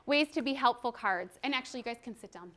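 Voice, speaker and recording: Woman presenter, high voice, animated trainer who acts out quotes. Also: quick pace.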